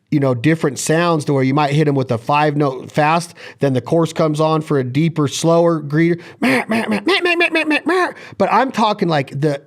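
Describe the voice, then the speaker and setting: Host, rambling questioner, slightly high-pitched man. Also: darkish tone. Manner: curious, asks long rambling questions. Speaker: show host. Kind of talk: interview questions.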